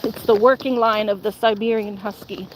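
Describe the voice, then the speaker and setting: A woman's voice: mid-range voice, steady tone, moderate pace, slight background noise. Young woman streamer, casual rambly chat, faint outdoor ambience behind her. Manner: rambling, lots of "like" and "um", answers viewer comments.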